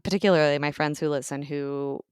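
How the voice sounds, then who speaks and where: A woman's voice: deep voice, steady tone, fairly quick, clear, resonant tone, no room sound, studio quality. A woman co-hosting a podcast, talking in a thoughtful, laid-back, casual way. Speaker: podcast co-host. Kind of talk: casual chat.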